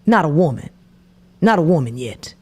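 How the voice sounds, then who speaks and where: A woman with a deep, husky, slightly mellow voice reacts to a podcast clip in very animated commentary at a moderate pace. Her manner is preachy, repeating her points and often dropping to a whisper.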